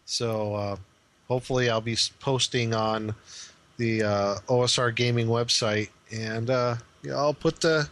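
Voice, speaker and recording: A middle-aged man co-hosting a gaming podcast in casual chat, animated and playful. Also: medium pitch, a little slow. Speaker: podcast co-host.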